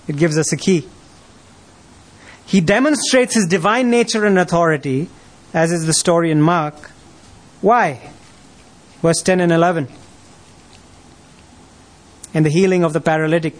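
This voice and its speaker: A man's voice: high-pitched, normal speed, long pauses. A man preaching a sermon, posing rhetorical questions and rising to emphatic peaks.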